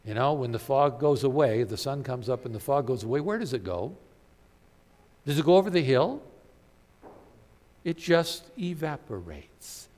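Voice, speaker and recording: Animated preacher man in a reverberant hall. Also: mid-range voice, moderate pace, long pauses. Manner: animated, emphatic preaching with rhetorical questions. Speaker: pastor. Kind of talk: sermon.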